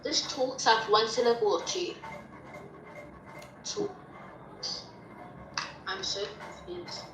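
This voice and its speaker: A young woman student reading and explaining her poem in an online class, halting and hesitant, sometimes giggling. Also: a little high. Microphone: video call. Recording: echoey room, background noise.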